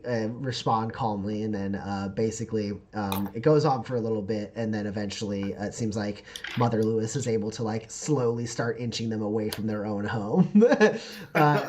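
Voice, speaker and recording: A man's voice: fairly low pitch, steady tone, normal speed, darkish tone, slight background noise. A man narrating a tabletop game as game master, rambling with many fillers. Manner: rambling, full of fillers and likes.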